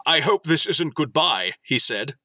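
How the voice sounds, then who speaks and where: A man's voice: a little high, sing-song, measured pace, bright, forceful tone, dry recording. A man hosting a podcast, chatting casually and reading listener submissions aloud as comic dramatic readings.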